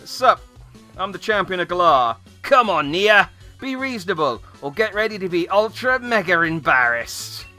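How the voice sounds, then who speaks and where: A man voicing a loud, boastful middle-aged dad with a hearty, theatrical manner. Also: big pitch swings, moderate pace, faint music behind, heavily acted. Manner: booming, hearty, theatrical laugh.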